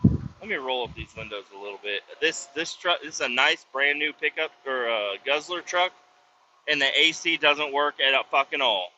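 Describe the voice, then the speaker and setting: A man casually telling a profane, animated story from inside his pickup truck with the windows down, recorded on a phone. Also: fairly high pitch, normal speed. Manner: profane, animated, acts out voices in retelling. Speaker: vlogger and truck driver. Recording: slightly dull lo-fi audio, faint road noise.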